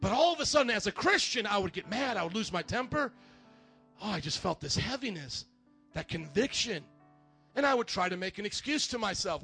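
High-voiced man preaching an animated sermon. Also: a little fast, creaky, soft background music. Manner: animated, shouting at times, acts out quoted voices. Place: church.

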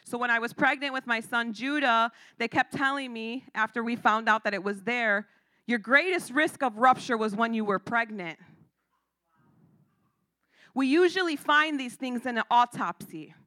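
A woman giving a sermon testimony, swinging from a hushed near-whisper to loud, emphatic preaching with lots of repetition. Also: fairly high pitch, moderate pace, no echo, studio quality. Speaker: church speaker giving testimony.

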